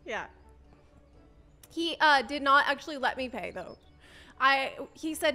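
A high-pitched woman streamer chats through a story in a casual, animated way. She laughs often and acts out the lines people said to her, with faint music playing underneath. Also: takes it slowly, pauses often.

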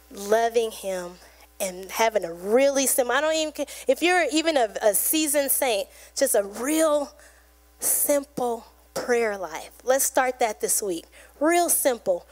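A woman's voice: a little high, lively intonation, slow pace, darkish tone. A woman pastor giving a conversational, earnest sermon in a church, acting out little prayers and everyday chats. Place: church sanctuary.

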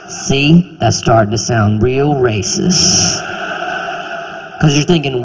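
A young man doing a stand-up comedy set on a theater stage, animated and acting out exaggerated voices. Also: mid-range voice, slow, long reverb tail, background noise.

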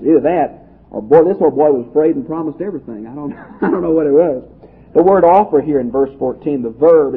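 A man's voice: medium pitch, slightly rough. A man teaching a Bible study in a homespun, conversational way, reading verses aloud and then explaining them. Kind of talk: folksy Bible study lecture. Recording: tinny phone-like audio.

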